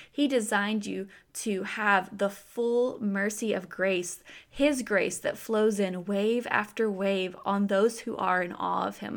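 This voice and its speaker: A woman in her thirties, a faith speaker and business owner, telling a chatty personal story full of fillers that turns into an earnest, slow devotional message. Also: mid-range voice.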